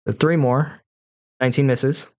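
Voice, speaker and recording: A man's voice: mid-range voice, steady tone, measured pace, no echo. Give me a man narrating a tabletop game and tallying dice methodically, close and dry. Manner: methodical, counts rolls aloud. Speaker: game master.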